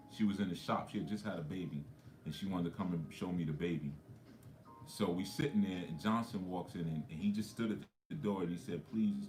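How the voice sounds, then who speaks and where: Low-voiced New man telling stories. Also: darkish tone, echoey room. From New York. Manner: conversational, storytelling, with frequent asides. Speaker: spiritual coach. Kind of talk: livestream talk.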